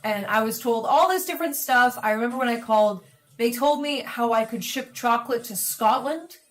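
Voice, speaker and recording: A woman co-hosting a gaming video, telling stories in an animated, exasperated way. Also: on the high side, moderate pace. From Canada. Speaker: co-host, bakery owner. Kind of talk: casual storytelling while gaming.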